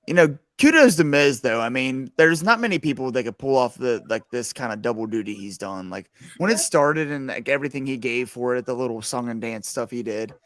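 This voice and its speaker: A man co-hosting a casual live wrestling watch-along, excitable and quick to call out his reactions. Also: mid-range voice, no echo. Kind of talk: casual live alternative commentary.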